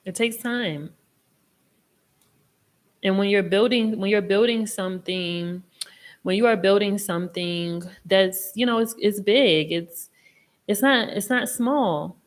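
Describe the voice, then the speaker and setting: Chatty, expressive woman reading tarot. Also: medium pitch, slow, pauses often. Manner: chatty and expressive, swearing casually, reassuring. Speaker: tarot reader and live stream host. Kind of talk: casual live tarot reading.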